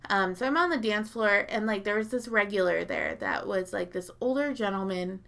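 In a relaxed chat, a woman with a bright, sharp-edged voice rambles through a long story at an ordinary pace, her lines trailing off into a gravelly fry. Fillers crowd her speech and she swears without hesitation. Her impressions of other people shoot up high and loud.

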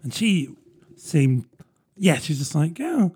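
A man's voice: mid-range voice, lively intonation, normal speed, darkish tone, husky. A man, rambling through a casual solo podcast with plenty of fillers and self-deprecating asides. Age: 30s. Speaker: podcast host.

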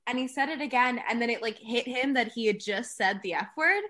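A young woman chatting on a podcast, giggling as she tells a story. Her voice sits a little high. Her talk is loose and full of fillers. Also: brisk, bright, forceful tone. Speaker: podcast co-host. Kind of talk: casual chat.

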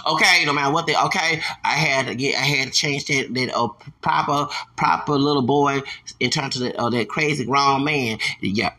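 A man with a higher-than-usual, very sharp and tense voice rants on his podcast. He is profane and heated, circling back to the same phrases again and again like a chant. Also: slightly rough. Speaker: podcast host. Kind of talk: ranting podcast monologue.

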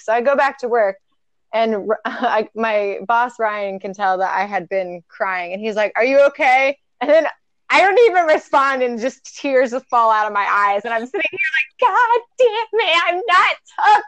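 A woman's voice: fairly high pitch, no room sound, dull audio. A young adult woman co-hosting a podcast in casual chat, talking candidly, swearing freely and laughing often. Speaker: podcast co-host.

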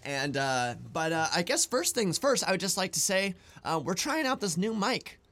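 A young man co-hosting a casual podcast, joking and swearing, often breaking into loud yells. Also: high-pitched, very animated, normal speed. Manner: profane, loud, joking, swings into yelling. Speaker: podcast co-host.

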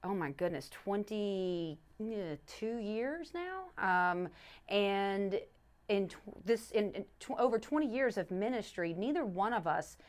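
A woman's voice: mid-range voice, animated, slow. A middle-aged woman, a pastor's wife co-hosting a faith podcast, explaining a Bible study method earnestly, with many restarts and repeated verses. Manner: earnest, restarts often, repeats scripture with stress on each word. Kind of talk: casual faith podcast teaching.

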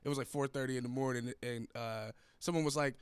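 A young adult man hosting a podcast interview, talking casually and telling lively stories. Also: medium pitch, fast talker, clean tone, no room sound. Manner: animated storytelling, acts out quoted voices. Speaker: podcast host.

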